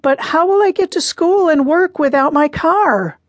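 A woman's voice: sits high, measured pace, dry recording, voice pushed up. A woman narrator voicing a defensive, upset teenage daughter in an audiobook, pleading her case. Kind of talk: audiobook character reading.

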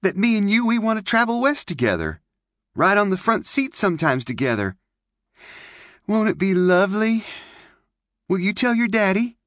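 An eager, chatty little pioneer girl in a storybook reading, voiced by a man. She talks in a high, lifting voice, quick to ask questions. The sound is close and dry. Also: sing-song, a bit bright, no echo.

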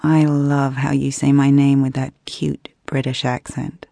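A woman plays an overconfident male soccer star in an audiobook, deep-voiced and slow with his teasing words. The tone is warm and mellow. The sound is dry and close, with no room around it. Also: flat delivery, vocal fry, no echo, heavily acted. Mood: smug.

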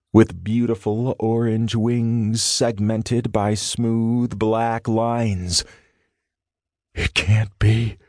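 Male audiobook narrator, lowish voice, dry studio sound, measured suspense. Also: warm tone, no echo. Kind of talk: scripted thriller narration.

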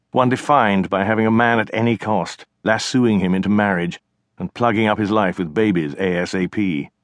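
Male narrator, lower voice, bone-dry studio read, measured scripted storytelling. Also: no echo. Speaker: audiobook narrator.

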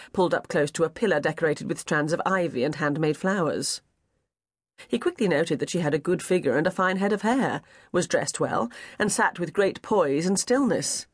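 A man narrating an unabridged novel in a measured, even way on a close studio mic. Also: on the high side, dry recording. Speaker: audiobook narrator. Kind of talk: scripted narration.

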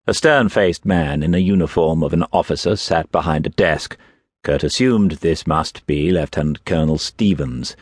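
A man narrating an audiobook in a measured, steady storytelling manner. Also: rumbling low, dry recording, studio quality. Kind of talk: scripted narration. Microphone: close studio mic.

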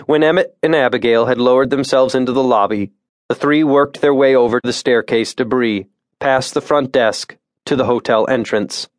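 A man reading a suspense thriller audiobook in a measured, tense narration voice on a close studio mic. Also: mid-range voice, no echo. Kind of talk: scripted narration.

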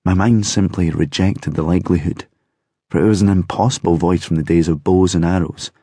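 A man reads a novel aloud in the first person with a low, slightly husky voice. His narration is measured with a wry edge, and the recording is close and dry. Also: fairly even intonation, dark tone, no room sound. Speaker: audiobook narrator.

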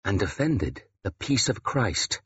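A man's voice: fairly low pitch, very animated, slow pace, a bit bright, breathy edge, lo-fi sound, exaggerated voice. A male narrator voicing a stern young king who rebukes with cold authority. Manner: stern, clipped.

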